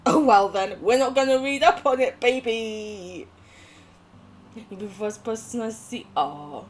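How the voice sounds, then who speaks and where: A woman's voice: fairly high pitch, animated, moderate pace, a little hiss or hum. A young woman streaming a game, chatting casually with viewers, giggling and swearing. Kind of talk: casual live gameplay chat.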